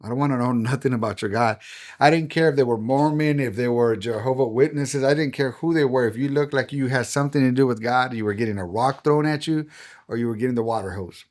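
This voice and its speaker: A man's voice: mid-range voice, quick pace, darkish tone. A middle-aged man, a pastor, telling his personal testimony as a podcast guest in an earnest, heartfelt way.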